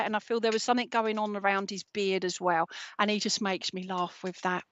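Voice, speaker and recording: A woman working as a psychic medium, giving a gentle, reassuring live reading and often checking in with "okay?". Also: mid-range voice, steady tone, brisk, dry recording, muffled recording.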